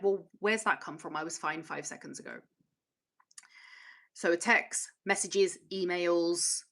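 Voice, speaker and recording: A woman's voice: fairly low pitch, a bit bright. A woman hosting a casual livestream, reading viewer comments and chatting candidly, rambling and swearing freely. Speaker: channel host.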